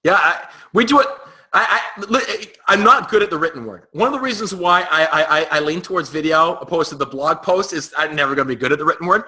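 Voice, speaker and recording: A man's voice: a little high, animated, quick pace, bright, forceful tone, poor audio. A man talking frankly as a guest in a casual interview, often stumbling and repeating words as he goes. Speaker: real estate agent, guest.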